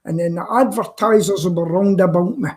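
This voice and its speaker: A man's voice: sits high, brisk, a little mellow. A man with a Scottish accent chats on a video call. He talks casually, fills the talk with jokes and stories, and enjoys teasing the others. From Scotland. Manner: joking, chatty storyteller. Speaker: guest on a live-stream talk show. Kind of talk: casual chat.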